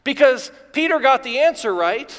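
Very high-voiced excitable preacher man. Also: moderate pace. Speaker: pastor. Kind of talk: live sermon. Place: church sanctuary before a congregation. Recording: long reverb of a large hall.

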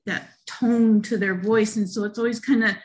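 A woman's voice: medium pitch, moderate pace. A woman, a podcast guest, explaining things animatedly in a casual conversation. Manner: animated, imitates voices while explaining.

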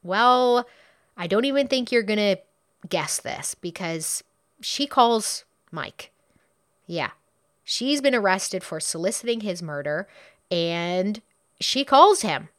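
A woman recounts a true crime case in a chatty, blunt way, swearing as she goes and slipping into quoted voices. Her pitch swings widely and expressively. The sound is close and dry, with no room echo. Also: animated, slow pace. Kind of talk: casual true crime retelling.

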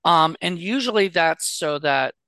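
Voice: mid-range voice, animated, unhurried, bright, forceful tone, clear, resonant tone, no room sound. A podcast co-host chatting casually about a movie, rambling with many fillers and restarts. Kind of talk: casual movie-review chat.

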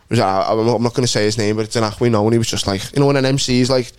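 A man, a stand-up comedian and podcast co-host telling sweary, animated stories in casual chat. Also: medium pitch, very fast, a little hiss or hum.

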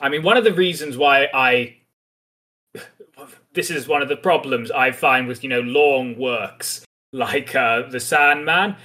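A man's voice: medium pitch, bright, forceful tone. A man hosting a podcast, talking through a comic in a chatty, thoughtful and mildly wry way. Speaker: podcast host. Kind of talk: casual podcast discussion.

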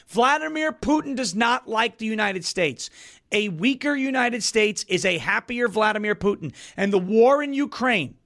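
A man hosting a political livestream, ranting in an emphatic, mocking way with a worn-out, hoarse voice. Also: extremely high pitch, a bit bright.

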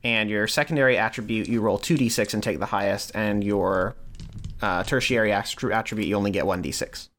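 Man explaining game rules, halting. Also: fairly low pitch, fairly bright tone. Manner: halting, restarts while explaining. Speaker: game master.

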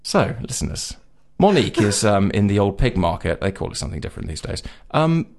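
A man hosting a podcast, telling an indignant comic story, often laughing and mimicking people in high voices. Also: sing-song, a little fast, creaky, darkish tone. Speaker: podcast co-host.

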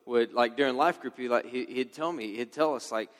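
A man's voice: medium pitch, fairly quick. Casual man in an echoey hall. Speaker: husband sharing testimony. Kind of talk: personal faith testimony. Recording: echoey hall sound, from a distance.

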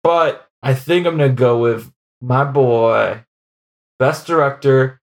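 A man co-hosting a casual film podcast, who laughs often and talks in an animated, chatty way. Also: medium pitch, slow. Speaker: podcast co-host.

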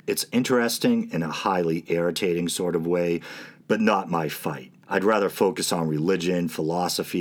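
Man, New England accent, very low voice, casual solo podcast host, dry asides, halting fillers. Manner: casual, wry, with frequent "uh" fillers.

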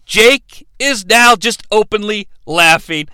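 Excitable male comedic podcast host: bright, smooth voice, swearing, loud bursts and quick asides. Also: sits high, no room sound. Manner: excitable, swings between loud outbursts and fast asides, swears freely. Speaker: podcast host reviewing wrestling. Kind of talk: comedic recap narration.

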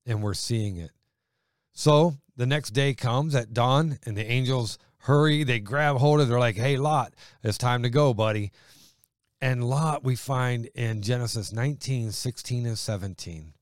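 Guy preaching hard, fervent and emphatic, mid-pitch voice, dry close sound. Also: unhurried, dry recording. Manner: fervent, emphatic preaching, swinging from loud to quiet. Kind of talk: sermon.

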